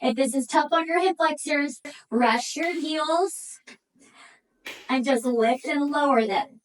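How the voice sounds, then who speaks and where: Her voice is high-pitched and she takes it slowly as she leads a pilates workout, cheering people on and counting reps while a bit winded. A distant mic, a little hiss or hum, and low quality mark the recording.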